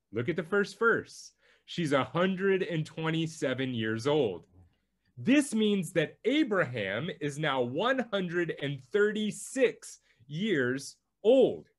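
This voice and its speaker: A male pastor preaching a sermon, teaching through a Bible passage with slow, emphatic delivery. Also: a little high.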